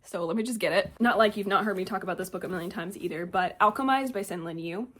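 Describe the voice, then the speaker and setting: A woman's voice: mid-range voice, fast, fairly bright tone. A young adult woman chatting casually as a book vlogger, bubbly and gushing, rambling with lots of fillers. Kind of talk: casual chat.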